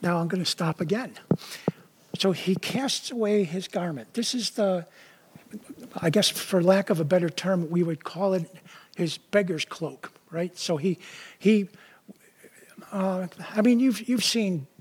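A man's voice: sits high, measured pace, long pauses, slightly rough. A man preaching a sermon in a conversational way, often stopping to explain the verses he reads. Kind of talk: casual sermon.

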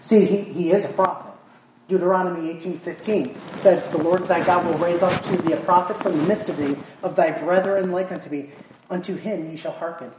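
A woman's voice: on the low side, brisk. A woman preaching a sermon in an earnest way, often repeating words and quoting scripture in old-fashioned wording. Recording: echoey room, voice from far off, noisy.

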